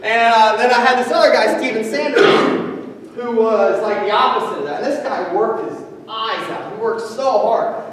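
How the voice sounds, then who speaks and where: A man giving a casual storytelling talk to an audience, animated, swearing often and laughing as he goes. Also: sits high, moderate pace. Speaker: speaker at a training event. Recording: echoey hall, distant mic, audience.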